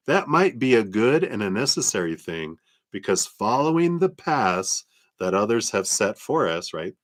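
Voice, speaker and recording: A man reading tarot cards on a live stream, talking in a gentle, reflective way and laughing often. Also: lowish voice. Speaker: tarot reader.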